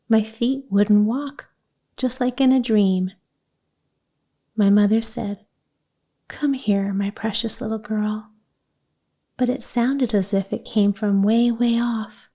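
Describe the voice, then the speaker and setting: Audiobook: woman voicing an eager little girl, breathless and gushing, unhurried read. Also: medium pitch, warm tone. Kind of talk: audiobook character voice.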